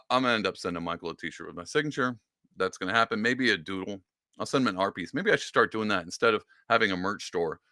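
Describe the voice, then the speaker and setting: A man's voice: mid-range voice, sharp tone, dry recording, clean studio sound. A man hosting a livestream, ranting in a casual, joking and rambling way. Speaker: livestream host. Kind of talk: casual comedic political rant.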